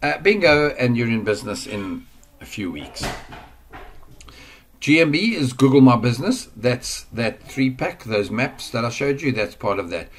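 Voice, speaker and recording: A man's voice: mid-range voice, lively intonation, normal speed, a little hiss or hum. A man giving a casual screen-share lesson on online marketing. He rambles and chats, and he drifts off the mic now and then while working at his computer.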